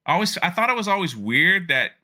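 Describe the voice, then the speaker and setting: Male livestream host, rambling and chatty while reading out chat; very bright, slightly high voice. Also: very animated, quick pace. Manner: rambling, reads chat messages aloud. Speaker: podcast host. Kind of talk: casual livestream interview.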